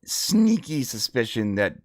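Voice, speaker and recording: A man's voice: mid-range voice, big pitch swings, a little mellow, dry recording. Male co-host, casual and rambling, mid-range voice, dry booth sound. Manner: rambling, halting with many fillers. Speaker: podcast co-host. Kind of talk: casual chat.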